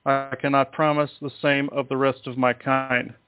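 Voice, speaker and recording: A man voicing a reptilian alien soldier, halting. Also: mid-range voice, flat delivery, smooth, lightly acted. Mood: subdued. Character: male reptilian alien soldier, proud then humbled. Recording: tinny phone line.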